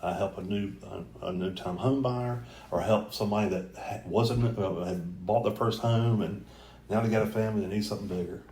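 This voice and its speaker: A man's voice: on the low side, fairly even intonation, brisk, a little mellow, a little hiss or hum. A middle-aged man from North Carolina, a mayoral candidate guest, talking earnestly in a rambling, casual way with frequent restarts. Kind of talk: casual conversational interview. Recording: roomy echoey room.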